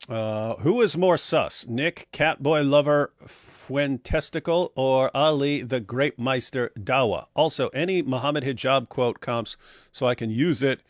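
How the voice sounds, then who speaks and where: A man's voice: mid-range voice, a little slow, dry recording. Middle-aged male stream host, blunt and sarcastic, dry close mic. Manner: blunt, sarcastic, reads viewer chat aloud. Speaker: livestream host. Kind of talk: casual live-stream chat.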